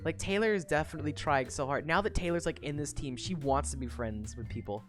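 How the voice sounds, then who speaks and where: A woman's voice: low voice, fast, faint music behind. A young woman streamer casually recapping a story, swearing freely, giggling and rambling with lots of fillers. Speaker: streamer discussing a web serial.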